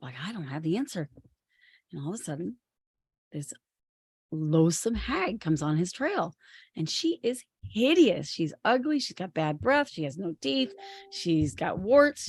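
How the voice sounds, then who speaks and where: A woman podcast co-host retelling a legend in a lively, chatty way. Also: lowish voice, husky, no echo. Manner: lively, chatty, many "you know"s. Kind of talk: casual storytelling.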